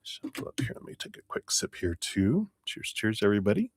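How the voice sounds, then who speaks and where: A man's voice: fairly low pitch, very animated, fairly quick, background noise. A man giving live tarot readings in a chatty, rambling way, often laughing between thoughts. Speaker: tarot reader.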